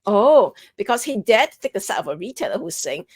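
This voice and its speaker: A woman's voice: on the high side, sing-song, brisk, few pauses, husky. A woman co-hosting a commentary show who sets up clips and rebuts them sarcastically. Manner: sarcastic, pointed setup of clips. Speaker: commentary co-host. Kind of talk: opinionated commentary.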